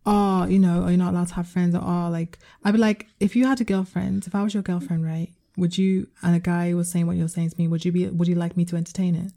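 A woman's voice: on the low side, fairly even intonation, warm tone. A woman co-hosting a casual podcast, chiming in bluntly. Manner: quick reactions, blunt swearing. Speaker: podcast co-host. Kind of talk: casual chat.

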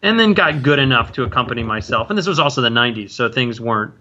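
Forties male actor guest, rambling chat, bright tone on a dull lo-fi recording. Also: mid-range voice, expressive. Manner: rambling, halting, many self-interruptions and restarts. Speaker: guest, stage and screen actor. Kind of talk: casual interview chat.

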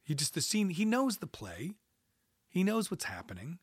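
A man chats loosely and animatedly about his work, his voice a little husky and slightly breathy. The sound is close and dry, with no room around it, and he keeps circling back with "you know" and "like" as he tells his stories. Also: high-pitched, normal speed, no echo. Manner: rambling, animated, swearing, frequent "like" fillers. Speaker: guest, composer. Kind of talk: casual storytelling conversation.

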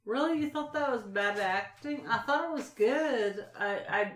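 A woman's voice: on the high side, a little slow. A woman with a Southern US accent, arguing her view on a podcast and pushing back on the others. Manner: argumentative, pushes back. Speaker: co-host. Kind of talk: casual podcast chat. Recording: echoey room.

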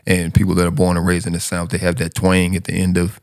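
A man hosts a podcast in a very deep, gravelly voice with a flat, even delivery. He rambles, repeating and restarting words as he goes. The sound is close and dry. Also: fast, dry recording. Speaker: podcast host. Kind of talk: casual podcast interview.

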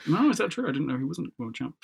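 A man's voice: a little high, very animated, quick pace, gravelly, husky. A man hosting a casual podcast, playful and teasing, laughing often. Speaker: podcast host.

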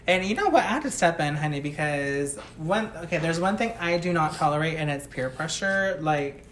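A woman's voice: low voice, lively intonation, normal speed, slight background noise. A woman chatting casually as a co-host, chiming in with emphatic comments and laughing. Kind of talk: casual chat.

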